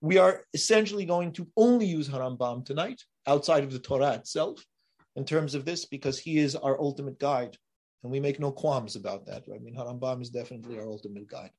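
A man teaching a Torah class, emphatic and building to forceful rises on key points, then dropping to quiet asides. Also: mid-range voice, fairly quick. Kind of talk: Torah lecture.

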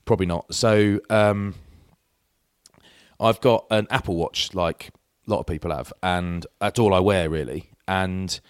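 Man, middle-aged, deep voice, dry mic, rambling casual storytelling. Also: fairly even intonation, measured pace, smooth, dry recording. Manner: rambling anecdotes with self-interruptions. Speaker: podcast co-host.

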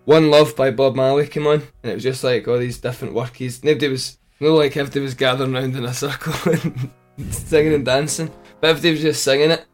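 A man's voice: mid-range voice, steady tone, fast talker, hardly any pauses. Scottish guy rambling thru stories, trails off, chuckles, faint music behind. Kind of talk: casual chat.

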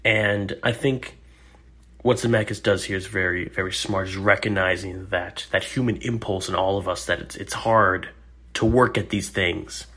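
A man's voice: low voice, fairly even intonation, moderate pace, sharp tone. A man hosting a solo podcast, talking in an earnest, encouraging and wry way. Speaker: podcast host. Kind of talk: casual solo podcast commentary.

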